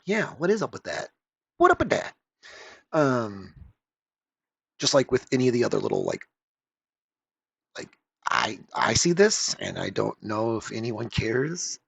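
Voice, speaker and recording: A man talking casually in a video commentary, rambling and offhand, with the odd curse word. His voice has a gravelly edge and a husky, slightly rough texture. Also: lowish voice. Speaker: comic reviewer.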